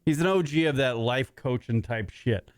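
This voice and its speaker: A man's voice: mid-range voice, normal speed, clean tone, dry recording. A middle-aged man hosting a talk radio show, rambling and swearing constantly with lots of fillers, in a studio. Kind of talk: casual talk radio banter.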